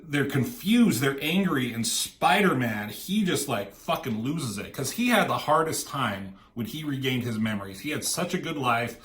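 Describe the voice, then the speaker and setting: A man's voice: medium pitch, a bit bright, roomy sound. A man casually retelling a comic book story, slipping into quoted lines from the characters.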